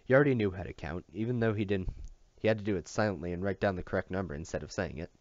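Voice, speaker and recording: A man's voice: deep voice, rapid-fire, darkish tone, dry recording. A man reading a novel aloud expressively, with occasional slips and rereads. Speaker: audiobook reader. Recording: dull lo-fi dry recording.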